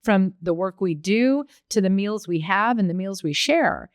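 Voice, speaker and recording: A woman's voice: medium pitch, animated, unhurried, no room sound. A woman hosts a podcast conversation from a studio. Her voice is mid-range, and she talks in a casual, effusive, enthusiastic way. The recording is close and dry. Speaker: podcast host, chef.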